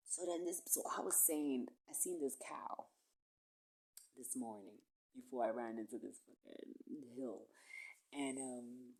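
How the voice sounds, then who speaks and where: A woman with a low, husky voice rambles through a casual monologue, swearing freely in a streetwise, digressive way. She drops to near-whispered murmurs, then jumps into loud, high bursts. Her tone is raw and unpolished. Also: low-quality recording. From small town.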